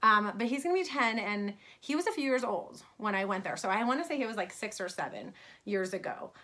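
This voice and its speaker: A woman's voice: medium pitch, lively intonation, a little fast, bright, forceful tone. A woman in her thirties from New York, telling a personal story in a casual vlog about her fashion brand, chatty with many fillers.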